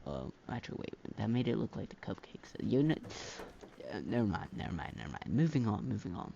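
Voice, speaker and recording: Male mod reviewer, gravelly and rambling, lots of "um"s, muffled lo-fi mic. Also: fairly low pitch, sing-song, a little fast, warm tone, slight background noise. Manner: rambling, filler-heavy, slangy. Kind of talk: casual gameplay commentary. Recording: dull lo-fi mic.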